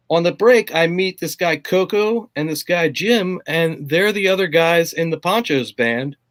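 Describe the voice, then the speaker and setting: A middle-aged drummer, appearing as a guest, tells loose, rambling tour stories in a casual chat, his voice slightly raised, a little high, and a bit bright. He sounds easygoing and unscripted, peppering his talk with curses and constant "like" and "you know."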